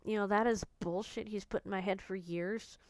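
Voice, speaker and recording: A woman's voice: medium pitch, fairly even intonation, normal speed, no echo. A woman vlogger candidly telling a personal story, blunt and emotional, swearing freely.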